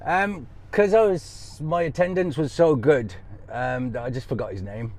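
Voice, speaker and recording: A man's voice: medium pitch, normal speed, darkish tone. A man, a racing driver, chatting in a modest, laid-back way with short answers. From England. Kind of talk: casual chat.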